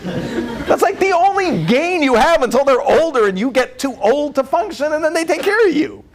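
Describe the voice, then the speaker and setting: Animated high-voiced rabbi telling stories. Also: male voice, moderate pace. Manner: animated storytelling, acts out dialogue, frequent laughter. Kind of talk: humorous lecture.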